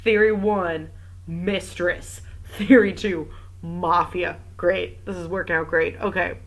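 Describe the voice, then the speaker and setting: A woman's voice: on the low side, fairly even intonation, slow, poor audio. A woman reading a mystery novel aloud, breaking off for wry, chatty asides about the text. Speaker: reader and commentator.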